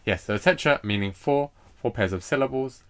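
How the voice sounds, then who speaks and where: A man's voice: medium pitch, fairly bright tone. A man teaching a recorded poetry lesson, hesitant and full of fillers as he explains meter. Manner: hesitant, lots of fillers and restarts; reads poetry lines aloud slowly with stress.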